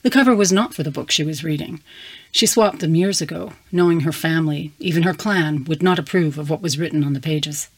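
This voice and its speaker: A woman reading a fantasy story aloud with calm, measured narration. Her voice sits low for a woman. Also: husky. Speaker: story reader.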